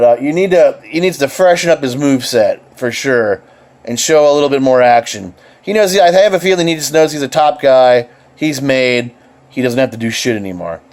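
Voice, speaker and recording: A man vlogging casually, excitable and rambling, swearing freely and restarting his sentences. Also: medium pitch. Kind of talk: casual rambling opinion vlog.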